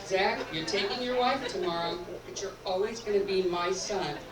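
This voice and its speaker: Here a middle-aged woman with a medium-pitched voice and moderate pace gives an earnest, sentimental toast as the groom's mother. The setting is a banquet hall at a rehearsal dinner, echoey and recorded from a distance, with crowd and background noise.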